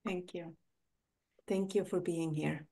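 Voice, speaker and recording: A woman's voice: lowish voice, steady tone, takes it slowly, warm tone, slightly rough. A woman hosting a podcast in a casual interview chat, affirming her guest and often tagging "right?". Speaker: podcast host.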